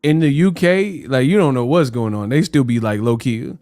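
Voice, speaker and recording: A man hosts a live boxing chat, talking in loose slang with plenty of jokes. His voice sits at a middle pitch and is recorded close and dry. Faint music plays quietly underneath. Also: animated, moderate pace, few pauses, dry recording. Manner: joking, slangy, puts on mock British voices. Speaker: host. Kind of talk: casual livestream chat.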